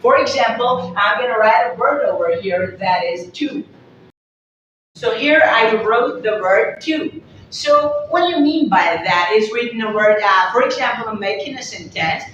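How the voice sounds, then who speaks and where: A woman from Pakistan explaining English accents to viewers as a teacher, repeating herself and pausing on fillers. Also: a little high, fairly bright tone. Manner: repetitive, explanatory, frequent fillers. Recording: very echoey room, distant mic, dull sound, faint noise.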